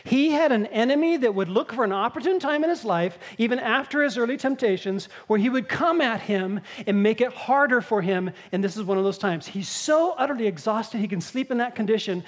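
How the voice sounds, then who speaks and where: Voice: mid-range voice, lively intonation, a little fast, hardly any pauses. A pastor giving a conversational sermon, explaining scripture and acting out the scenes. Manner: conversational, explanatory preaching with acted-out quotes.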